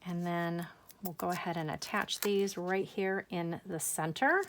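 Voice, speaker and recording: A woman's voice: fairly low pitch, steady tone, unhurried, slight background noise. A middle-aged woman hosting a card-making tutorial, chatty and enthusiastic as she works through each step. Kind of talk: crafting tutorial.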